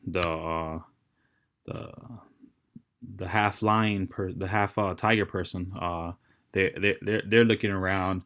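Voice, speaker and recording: A man narrating as dungeon master, halting and restarting as he describes the scene. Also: low voice, fairly even intonation, a bit bright. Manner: halting, many fillers and restarts. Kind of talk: narrating a tabletop game.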